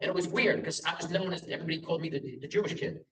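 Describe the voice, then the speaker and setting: A middle-aged stand-up comedian from Long Island, New York, talks very fast in a high, fairly bright voice with fairly even intonation. His set features self-deprecating stories and acted-out dialogue. The roomy venue is picked up by a distant mic.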